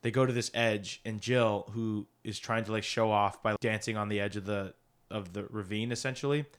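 A man's voice: on the low side, fairly even intonation, normal speed, clean tone. A man co-hosting a podcast, retelling a story in a rambling, laugh-filled casual chat with many restarts. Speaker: podcast co-host.

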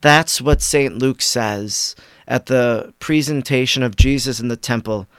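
A man's voice: mid-range voice, a little slow, clear, resonant tone, dry recording, studio quality. Man hosting a devotional podcast. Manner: warm devotional commentary. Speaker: podcast host. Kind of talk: reading and reflecting on tweets.

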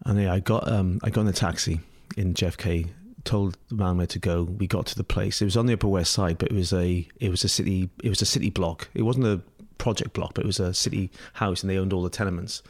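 Lively Scottish man telling a story. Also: low-pitched, fast, few pauses. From Scotland. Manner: rambling, laughs often, many restarts and fillers. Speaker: interview guest. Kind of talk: casual storytelling.

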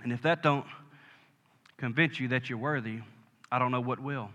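A man's voice: mid-range voice, moderate pace, sharp tone, lo-fi sound. A man preaching a sermon in a church, emphatic, calling for amens from the congregation. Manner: emphatic preaching with call-and-response. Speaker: pastor. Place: church sanctuary. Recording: echoey hall with long reverb.

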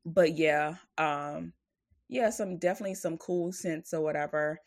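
A woman's voice: low-pitched, unhurried, dry recording, clean studio sound. A woman co-hosting a podcast in casual chat. She rambles loosely, leans on "like" and "or whatever", and turns blunt and profane when she rants. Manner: rambling, filler-heavy, with frequent "like" and "or whatever". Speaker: podcast co-host.

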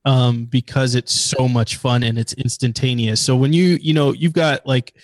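A man co-hosts a podcast, chatting casually and enthusiastically about games he recommends. His voice is medium in pitch with fairly even intonation, at normal speed in a dry recording.

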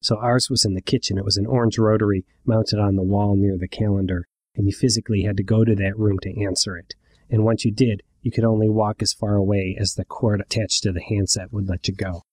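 A man's voice: lowish voice, level tone, brisk, a little mellow, no echo, studio quality. A middle-aged man telling a personal story in a wry, conversational way with asides to the listener.

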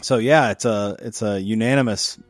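A man's voice: lowish voice, normal speed, faint music behind. A man hosting a casual podcast chat, joking around and laughing often. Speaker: podcast host.

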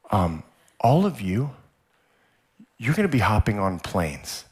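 A man preaching a sermon as a guest pastor, telling a story in a vivid, animated way. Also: fairly low pitch. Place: church service.

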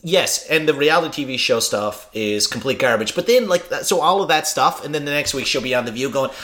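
Man ranting with a lively pitch. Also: a little fast. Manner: ranting, exaggerated mocking impressions. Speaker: podcast co-host. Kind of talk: casual chat.

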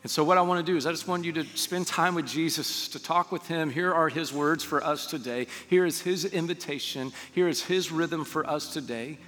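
A male pastor delivers a sermon in a slightly high voice, acting out quotes and then easing into soft, hushed phrases. His voice rings through a reverberant hall while faint music plays underneath. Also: normal speed, hardly any pauses. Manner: preaching with dramatic quoted asides, dropping to soft hushed tones.

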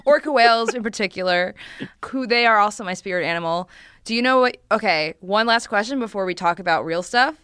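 Woman, podcast co-host, giggly, chatty, clear and smooth voice, bright. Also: mid-range voice, fairly quick, dry recording, studio quality. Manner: giggly, chatty, lots of fillers. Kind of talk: casual chat.

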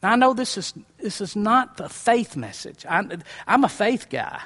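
A very animated pastor with a high-pitched, fairly bright voice delivers his sermon at normal speed. He leans on repeated lines and rhetorical questions to the congregation, all with folksy, dramatic flair.

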